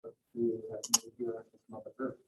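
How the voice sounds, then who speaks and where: A man's voice: mid-range voice, monotone, fast talker. A man giving a conversational teaching talk with storytelling, often repeating words and restarting his sentences. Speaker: cultural educator. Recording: roomy slightly dull recording, faint noise.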